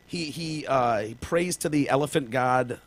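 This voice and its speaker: A man's voice: medium pitch, unhurried, a little hiss or hum. A man co-hosting a casual podcast, rambling through examples and swearing casually. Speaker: podcast co-host.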